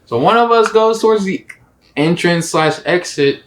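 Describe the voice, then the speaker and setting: A young man co-hosting a podcast, telling a story in a casual, slangy, animated way. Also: high voice, moderate pace. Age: young adult. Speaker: podcast co-host. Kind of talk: casual chat.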